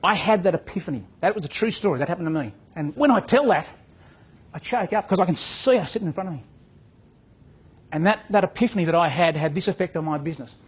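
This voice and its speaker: Aussie bloke coaching agents, husky highish voice, tells stories and plays all the parts. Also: male voice, animated, fast. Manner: storytelling, acts out dialogue, repeats words. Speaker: business coach. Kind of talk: motivational talk to real estate agents.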